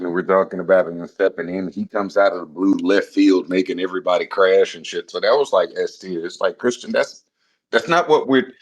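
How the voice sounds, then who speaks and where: Deep-voiced man telling loose stories. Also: poor audio. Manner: loose, profane storytelling. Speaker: podcast co-host. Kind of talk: casual podcast chat.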